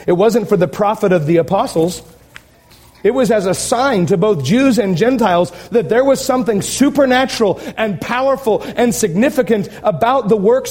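A man's voice: extremely high pitch, a little mellow. A male pastor preaching a sermon, emphatic and fired up, with sarcastic asides.

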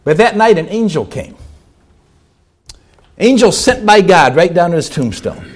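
A male pastor preaching a sermon, swinging between loud exhortation and hushed appeals, asking rhetorical questions and slowing down on key words. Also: high-pitched, big pitch swings, husky.

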